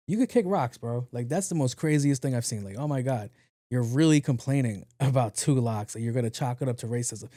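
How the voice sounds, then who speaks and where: A man hosting a podcast in a casual monologue, talking low and evenly, blunt and profane. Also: fairly quick, no echo, clean studio sound. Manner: low-key, talks in a low even voice. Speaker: podcast host.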